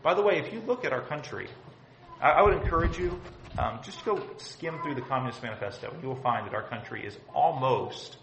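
A pastor delivers a sermon in a church sanctuary, his mid-range voice animated, brisk and creaky with a fairly bright quality. He's emphatic, repeating his points and posing rhetorical questions to the congregation. The room echoes, with slight background noise.

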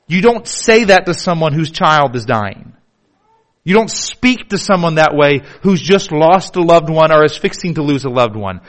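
Male pastor, fairly high voice, dramatic sermon delivery that moves from hushed to emphatic. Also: sing-song, normal speed. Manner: dramatic, shifts from hushed to emphatic, repeats words.

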